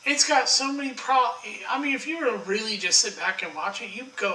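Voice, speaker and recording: A man's voice: very high voice, expressive, a little fast, hardly any pauses, bright, forceful tone, roomy sound, distant mic, poor audio. A man ranting in a casual monologue, blunt and profane, full of strong opinions and frequent restarts. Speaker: online commentator.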